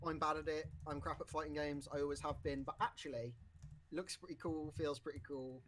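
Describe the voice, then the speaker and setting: A man's voice: on the high side, fairly even intonation, brisk, a bit bright, a little hiss or hum. A man co-hosting a casual podcast, rambling with lots of fillers and restarts, currently with the hiccups. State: has the hiccups. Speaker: podcast co-host.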